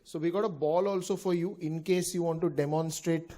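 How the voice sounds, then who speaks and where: A man's voice: fairly high pitch, fairly even intonation, fairly quick, dark tone. A man hosting a club event, introducing the next speaker in a light, joking way with many fillers.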